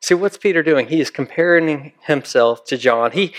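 A man's voice: a little high, normal speed, hardly any pauses. A male pastor preaching a sermon in a conversational way, often putting questions to his listeners.

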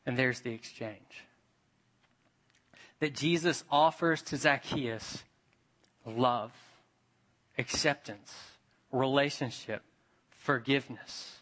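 A man's voice: medium pitch, slow, long pauses, pushed and bright. A man preaching a sermon in a storytelling way. He often puts questions to his listeners and briefly acts out the voices of the people in his story. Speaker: pastor.

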